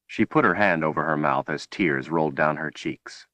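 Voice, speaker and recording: A man reads a fantasy audiobook in a measured, dramatic style. His voice is very deep and sits close to the microphone. The sound is dry, with no room echo at all. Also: pushed and bright. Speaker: audiobook narrator. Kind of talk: audiobook narration.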